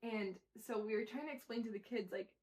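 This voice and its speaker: A young woman co-hosting a casual podcast, her fairly high voice bouncing through funny family stories. She slips into her kids' voices to act out their lines and laughs often as she goes. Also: a little fast, a little mellow. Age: young adult. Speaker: podcast co-host. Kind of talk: casual chat.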